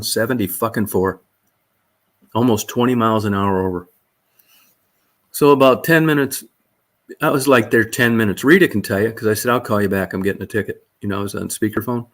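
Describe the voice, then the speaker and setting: Male vlogger, lower-pitched voice, blunt and profane, casual storytelling. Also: a bit bright. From Michigan.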